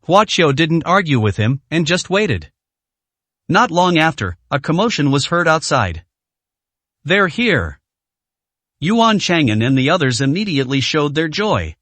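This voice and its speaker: Man narrating a story, animated pitch, slightly high voice, dry close sound. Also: moderate pace, no room sound. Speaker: audiobook narrator. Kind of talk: scripted narration.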